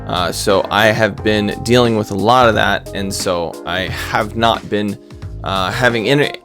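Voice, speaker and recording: A man's voice: lowish voice, unhurried, music in the background. A man giving casual, rambling game commentary, full of stutters and self-deprecating asides. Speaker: gaming commentator.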